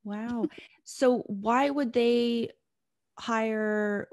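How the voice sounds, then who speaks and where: A woman hosting a podcast interview, asking curious questions with quick reactions. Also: fairly high pitch, steady tone, darkish tone, no room sound, studio quality. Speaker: podcast host. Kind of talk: casual interview chat.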